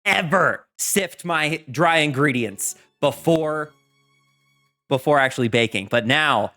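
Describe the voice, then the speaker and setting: Loud, animated man streaming. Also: on the high side, slow pace, soft background music. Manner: loud, rambling, jokey, chatting with viewers. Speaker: live streamer. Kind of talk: casual chat while baking. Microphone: microphone set far from his face.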